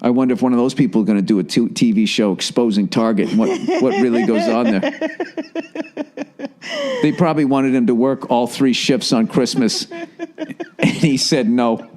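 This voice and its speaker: A man's voice: medium pitch, normal speed, pauses often. A man hosting a podcast, telling stories in casual chat with a sarcastic, profane manner. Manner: profane, sarcastic, animated storytelling. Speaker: podcast host. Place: indoors at home by a fire.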